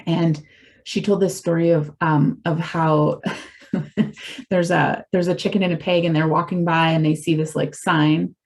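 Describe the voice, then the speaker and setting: A woman's voice: low voice, steady tone, unhurried, darkish tone. A middle-aged woman giving a candid, rambling personal testimony as a speaker for a recovery community. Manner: earnest, confessional, rambling.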